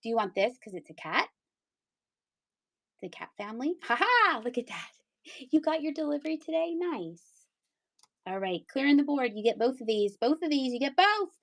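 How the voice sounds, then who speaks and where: A woman's voice: sits high, big pitch swings, moderate pace, long pauses. A middle-aged woman from Pennsylvania hosting a live-stream sale, chatty and playful, with giggles and sing-song asides. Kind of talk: casual live-sale chat.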